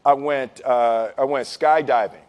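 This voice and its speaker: A middle-aged man telling a story to an audience in a casual, animated way, acting out voices and laughing as he goes. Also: mid-range voice, measured pace, clear, resonant tone. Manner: casual, many fillers and repeats.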